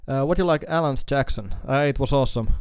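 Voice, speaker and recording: Man, Finnish accent, live stream chat, rambling, warm, resonant, dry close sound. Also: mid-range voice, smooth, dry recording. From Finland. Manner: rambling, halting, with fillers and chuckles. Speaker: guitar YouTuber streaming.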